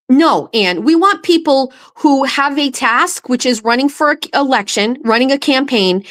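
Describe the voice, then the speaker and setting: A woman host on her own show, ranting with heated, profane anger at a political campaign. Her voice sits a little higher than most women's. She talks from a home setup.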